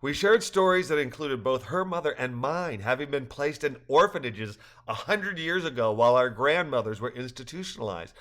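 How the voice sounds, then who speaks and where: An older man reading a personal story aloud, earnest and reflective, with occasional soft laughs. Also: mid-range voice, lively intonation, moderate pace, few pauses. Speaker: narrator.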